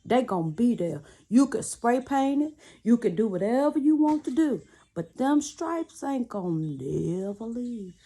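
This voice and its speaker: A woman's voice: on the high side, very animated, a little slow, mellow, husky. A woman chatting casually to camera from a small cluttered room at home, giving sassy, preachy relationship advice while she laces shoes. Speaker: vlogger.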